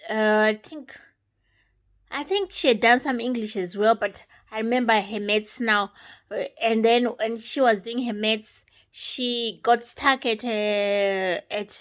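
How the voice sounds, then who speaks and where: A woman giving an unscripted personal testimony, retelling events step by step in a halting way. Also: medium pitch, steady tone, fairly bright tone. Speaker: testimony speaker.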